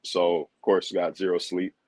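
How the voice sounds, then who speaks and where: A man's voice: low voice, level tone, a little slow, a little mellow, no room sound, low-quality recording. A man calling in as a team reporter, tired and easygoing, telling a travel story with self-deprecating humor. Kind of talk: casual chat.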